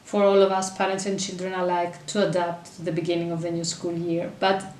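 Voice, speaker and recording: A woman giving parenting advice straight to her camera, earnest and chatty, breaking off for quick asides. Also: fairly low pitch, monotone, darkish tone, slight background noise. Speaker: parenting vlogger and mother. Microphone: camera mic. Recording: echoey room, voice a bit far from camera.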